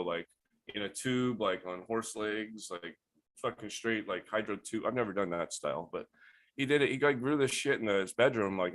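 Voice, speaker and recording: A man telling stories in a casual, profane, animated way, often laughing, as a guest on a podcast. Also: lowish voice. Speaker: guest grower. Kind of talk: casual storytelling.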